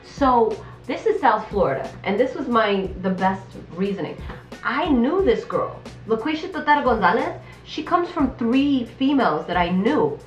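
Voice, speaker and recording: A woman comedian hosts her radio show with loud, slangy, rambling chatter full of tag questions. Her voice sits at a middle pitch and sounds distant. The recording is dull and roomy, with faint music behind. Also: sing-song, moderate pace. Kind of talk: casual comedy interview chat.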